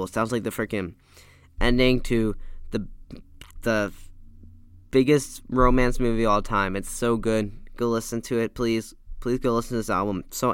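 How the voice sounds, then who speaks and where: A man's voice: medium pitch, a bit bright, clean tone, no echo, studio quality. A man casually reviewing an album track by track, talking with rambling enthusiasm into a microphone with a pop filter. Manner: enthusiastic, rambling, self-correcting. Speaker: music reviewer. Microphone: studio mic with pop filter.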